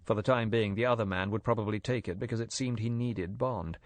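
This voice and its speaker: A man narrating a thriller audiobook in a measured, steady storytelling manner. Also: lowish voice, dry recording. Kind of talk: scripted narration.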